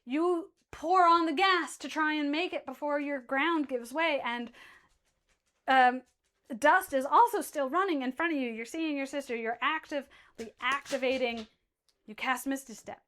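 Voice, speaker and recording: A woman's voice: high-pitched, moderate pace, a bit bright. A woman narrating as game master in casual, loose chat, swearing freely and correcting herself mid-sentence.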